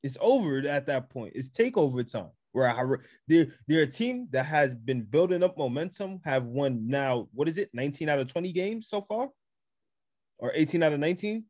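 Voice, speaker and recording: A man's voice: a little high, lively intonation, moderate pace, a little mellow, no room sound, studio quality. A man co-hosting a casual sports podcast, laid-back, laughing easily and repeating his points for emphasis. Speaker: podcast co-host.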